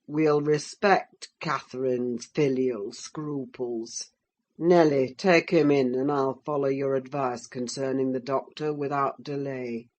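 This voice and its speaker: A woman voicing a harsh, menacing middle-aged man who scolds his frail son with gruff scorn, in an audiobook reading. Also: very deep voice, fairly even intonation, takes it slowly, pitched below the performer's own voice, exaggerated voice. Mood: menacing, scornful. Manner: gruff, scornful, growls then bursts into shouts.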